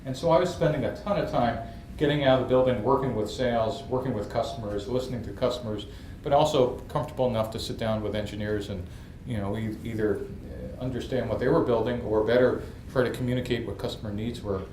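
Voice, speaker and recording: A man's voice: mid-range voice, fast talker, few pauses, a little hiss or hum. A man from New York, telling funny stories as an entrepreneur guest. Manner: lively, humorous storyteller. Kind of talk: storytelling interview. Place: event stage. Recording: echoey room from a distance, faint ambience.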